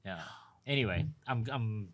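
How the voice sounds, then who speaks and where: A man's voice: fairly low pitch, a little slow. A man co-hosting a podcast, chatting with wry, mock-outraged teasing. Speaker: podcast co-host. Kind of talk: casual chat.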